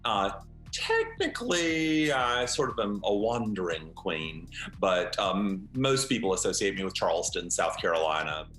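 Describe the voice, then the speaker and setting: A man and longtime drag performer giving an animated, explanatory interview. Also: lowish voice, unhurried, faint music behind. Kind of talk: documentary interview. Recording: roomy echo.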